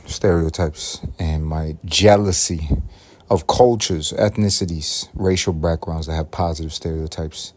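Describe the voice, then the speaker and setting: A man from Puerto Rico hosting a solo podcast, thinking aloud in a rambling, self-questioning way with drawn-out phrases. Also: sits low, steady tone, darkish tone. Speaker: podcast host.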